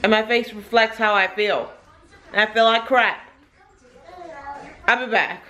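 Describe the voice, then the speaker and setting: A woman's voice: a little high, steady tone, a little slow, pushed and bright. Chatty woman vlogging at home. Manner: chatty, teasing, grumbling asides. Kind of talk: casual home vlog chat.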